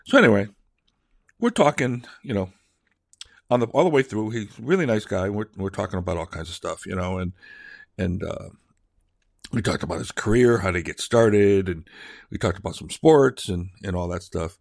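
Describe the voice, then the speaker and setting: A middle-aged man tells rambling family stories in an easy, casual way. His low voice swings widely up and down as he acts out the people he quotes. The recording is close and dry. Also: expressive, moderate pace, gravelly, no echo. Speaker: father telling stories. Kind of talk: casual personal storytelling.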